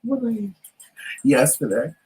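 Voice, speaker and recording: A man's voice: on the high side, unhurried, low-quality recording. A man co-hosting a casual talk show, telling a story and acting out the voices of the people in it. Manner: animated storyteller, acts out quotes.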